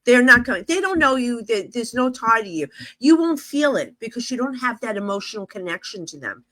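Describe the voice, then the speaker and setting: Woman, fairly high voice, dry close sound, rambling chatty storyteller, middle-aged. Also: very animated, brisk, a bit bright, no echo. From New Jersey. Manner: chatty, rambling, heavy with fillers like "you know" and "like". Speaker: psychic medium guest. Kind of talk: casual storytelling interview.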